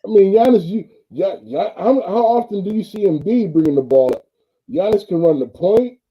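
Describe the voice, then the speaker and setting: A man's voice: high voice, expressive, normal speed, husky, dull audio. A man who coaches football, talking sports in an easygoing way and often saying "man" and "bro". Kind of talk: casual sports talk.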